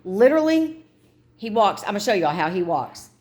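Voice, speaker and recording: Very animated and speaking at a normal speed, this middle-aged woman chats frankly with her viewers in a casual vlog and airs her frustrations. Her voice is mid-range and a little mellow.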